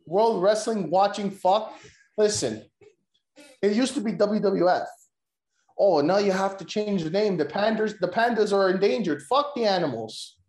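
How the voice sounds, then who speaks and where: A man hosting a podcast, joking loudly and swearing in crude, excitable banter. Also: sits high, normal speed, roomy sound. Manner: loud, joking, profane, excitable. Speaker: podcast host. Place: room recorded in person.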